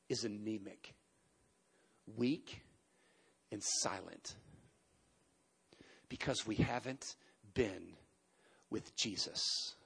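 A man in his fifties gives a sermon in a large church, animatedly relating his story with pointed pauses and sudden surges in volume. His mid-range voice carries vocal fry and a breathy edge.

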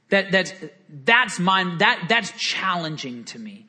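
A man preaching a sermon in an earnest, animated storytelling way, often repeating words as he goes. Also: high-pitched, a little slow. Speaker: pastor.

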